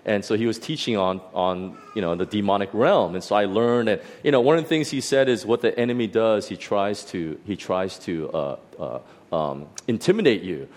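A middle-aged pastor telling a personal testimony in a sermon, animated and full of restarts and fillers. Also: male voice, lowish voice, moderate pace.

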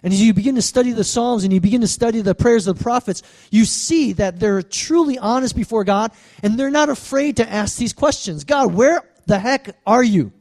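A man with a high, light voice preaches a sermon. He talks to the congregation in call-and-response asides, drawing amens and asking if they hear him. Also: fairly quick, few pauses, darkish tone. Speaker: pastor.

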